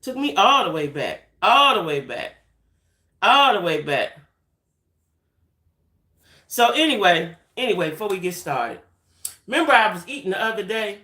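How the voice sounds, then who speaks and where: An adult woman hosting a livestream, telling a story in a chatty, animated way and talking straight to her viewers. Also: on the low side. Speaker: livestream host. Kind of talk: casual storytelling chat. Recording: roomy echoey room.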